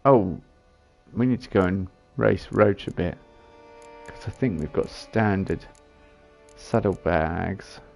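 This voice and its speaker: A man's voice: low-pitched, slow, gravelly, darkish tone, faint music behind. A man giving casual commentary on a game he plays, muttering and reading item descriptions aloud as he thinks it through. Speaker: gaming channel host.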